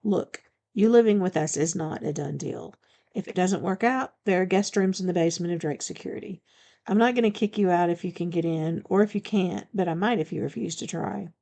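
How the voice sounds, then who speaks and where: A woman's voice: on the low side, brisk, creaky, mellow. Woman voicing a blunt male bodyguard. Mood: firm.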